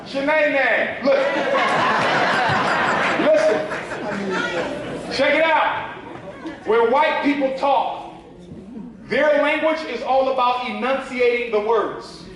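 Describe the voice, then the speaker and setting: A man's voice: extremely high pitch, takes it slowly, pauses often, recorded from a distance. A man giving a talk to a live audience, preacherly, drawing call-and-response from the crowd. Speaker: speaker at a public talk. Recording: echoey hall, mic from afar.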